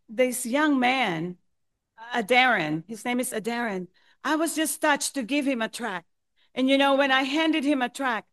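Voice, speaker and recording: A woman testifies before a church gathering with fervor. Her voice sits high and rings bright, and she builds to impassioned shouting as she exhorts the listeners. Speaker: church member sharing in a meeting.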